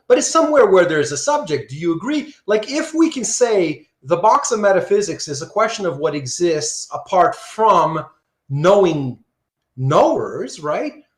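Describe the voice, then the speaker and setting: A high-pitched male voice with a roomy sound belongs to a philosophy lecturer running a live online class in Surrey, Canada. He's casual and conversational, reading student comments aloud and asking "right?" after nearly every point.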